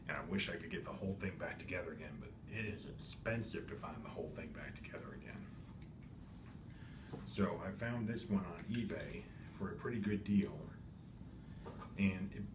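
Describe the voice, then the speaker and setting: Deep-voiced man unboxing old toys. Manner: rambling, self-correcting, many ums. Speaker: toy collector vlogger. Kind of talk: casual unboxing narration. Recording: echoey room with steady background noise.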